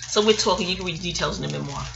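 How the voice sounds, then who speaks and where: A woman's voice: on the low side, very fast, creaky, background noise. A middle-aged woman from New York with a New York accent, telling a personal memoir story in a candid, rambling and profane way. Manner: candid, rambling, profane, chuckles as she talks. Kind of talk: casual storytelling to camera.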